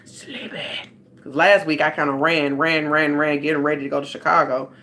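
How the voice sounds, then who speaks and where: A woman's voice: sits low, flat delivery, brisk, fairly bright tone. A rambling, chatty woman, talking to her livestream viewers. She speaks into a phone at home, loose and conversational, like a life coach catching up with her audience. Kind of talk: casual livestream chat.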